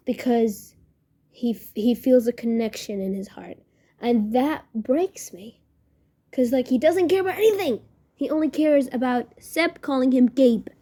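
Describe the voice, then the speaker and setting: A woman's voice: fairly high pitch, warm tone. A young woman hosting a casual podcast review, talking in a gushing, emotional way and rambling with many fillers. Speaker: podcast host reviewing a series.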